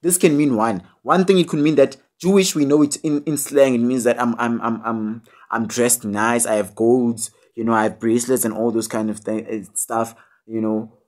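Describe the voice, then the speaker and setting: A man's voice: mid-range voice, steady tone, normal speed, a little mellow. A young man with a South African accent, giving a casual video tutorial on poetry with many fillers and tag questions, joking and scolding his students. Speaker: online tutor.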